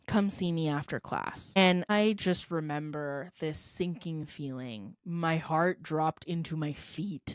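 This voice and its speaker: Earnest low-voiced woman telling her story. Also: no room sound, studio quality. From California, United States. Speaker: guest, edtech company founder. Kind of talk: personal storytelling in a podcast interview.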